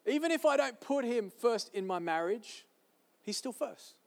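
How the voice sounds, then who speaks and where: A man's voice: extremely high pitch, lively intonation, normal speed, creaky. A man preaching a sermon to a church service, emphatic and repeating his key phrases. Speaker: pastor. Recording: long reverb of a large hall.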